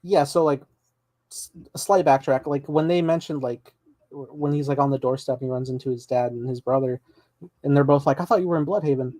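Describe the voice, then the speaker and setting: A man co-hosting a podcast, recapping a TV episode in relaxed, rambling casual chat with many fillers. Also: mid-range voice, a little fast, dry recording. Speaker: podcast co-host.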